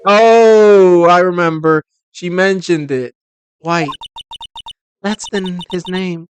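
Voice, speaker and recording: A man voicing a cheerful young woman sidekick who talks in an excited, eager way. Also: sits high, slow pace. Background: video game music.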